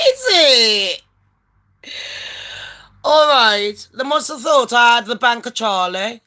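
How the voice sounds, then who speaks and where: A woman in her late thirties from England, telling a story in a brash, sweary and animated way and acting out phone calls in voices. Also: fairly high pitch. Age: late 30s. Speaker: vlogger. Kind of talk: casual storytelling rant.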